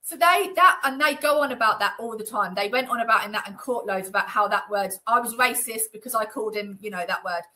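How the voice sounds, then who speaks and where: A woman's voice: a little high, quick pace, hardly any pauses, sharp tone, poor audio. A woman being interviewed, talking in a chatty, indignant way with lots of fillers. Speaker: interview guest. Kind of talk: conversational interview. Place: Northamptonshire.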